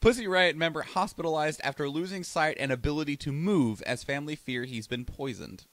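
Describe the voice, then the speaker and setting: A man with a bright, forceful voice co-hosting a casual podcast. He rambles, laughs, and swears while he reads the news. The sound is dry and close to the mic. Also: a little high, brisk, no room sound. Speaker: podcast co-host. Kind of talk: casual chat, reading news.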